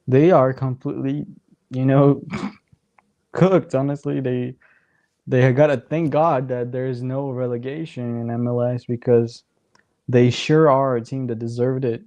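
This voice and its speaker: A man casually chatting through a soccer watchalong as a streamer, his voice going hoarse, rambling as he works out the league standings aloud. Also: medium pitch, mellow, no echo. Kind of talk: casual live match commentary.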